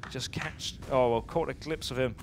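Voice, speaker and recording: A man's voice: mid-range voice, fairly even intonation, moderate pace, background noise. Chatty man commenting a live esports match. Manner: chatty, laughs easily, thinks aloud mid-sentence.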